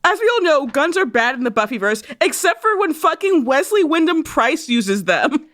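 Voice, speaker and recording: Woman co-host, high bright-pitched voice, animated, swears freely, eager to joke. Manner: enthusiastic, swears freely, quick jokes. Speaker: podcast co-host. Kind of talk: casual rewatch podcast chat.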